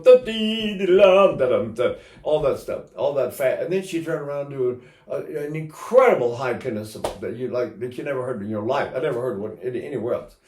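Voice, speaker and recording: A man's voice: mid-range voice, darkish tone, echoey room. An older man teaching singing in a casual, rambling way, breaking into sung vowels to demonstrate.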